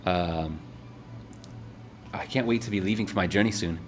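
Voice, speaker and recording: A man's voice: sits low, normal speed, soft background music, close to an everyday voice. A man voicing a brash, boastful young male rival trainer in a tabletop game. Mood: smug.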